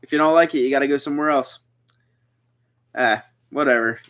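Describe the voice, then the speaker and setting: A man's voice: mid-range voice, a little fast, fairly bright tone. A young man from the Philadelphia area hosting a casual livestream, rambling as he reads out viewer comments and answers them. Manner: chatty, rambling, reads chat aloud. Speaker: livestream host. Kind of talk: casual live chat reading comments.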